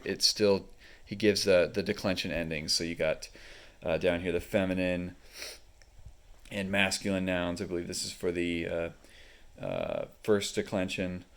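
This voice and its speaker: A man casually reviewing a book as he leafs through its pages, explaining unhurriedly with frequent fillers. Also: deep voice.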